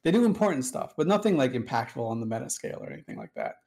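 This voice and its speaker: A man with a mid-range voice telling a long story in relaxed conversation. He rambles and digresses as he goes. His pitch and energy are ordinary. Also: rapid-fire, creaky. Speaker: host. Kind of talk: casual storytelling chat.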